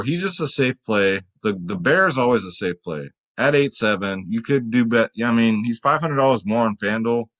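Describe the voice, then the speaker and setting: A man's voice: on the low side, a bit bright, low-quality recording. A man hosting a casual fantasy sports picks show, chatting loosely to his viewers and swearing freely. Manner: loose, profane, chatty, talks to viewers as "guys". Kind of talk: casual lineup-advice commentary.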